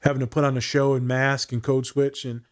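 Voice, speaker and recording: A man's voice: mid-range voice, little pitch movement, a little fast. A man co-hosting a casual discussion, speaking bluntly and candidly, swearing freely and thinking aloud with fillers and restarts. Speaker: podcast co-host.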